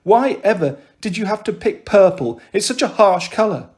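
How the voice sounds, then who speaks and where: A fussy, proper middle-aged mum who scolds in a prim tone, as a male reader puts her on. The voice sits fairly high for a man. It belongs to a children's storybook reading. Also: animated, moderate pace, darkish tone. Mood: scolding.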